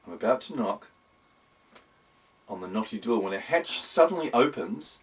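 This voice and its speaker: A man's voice: lowish voice, expressive, normal speed. A man narrating a whimsical storybook in a wry, playful tone. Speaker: audiobook reader. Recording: voice distant from the mic.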